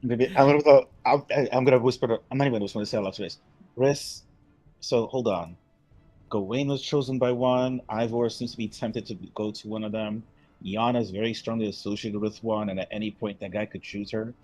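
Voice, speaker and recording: A man's voice: lowish voice, steady tone, brisk, darkish tone, faint music behind. Brash joking man at a tabletop game. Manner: brash, joking, swears casually. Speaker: player. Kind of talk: in-character tabletop role-play.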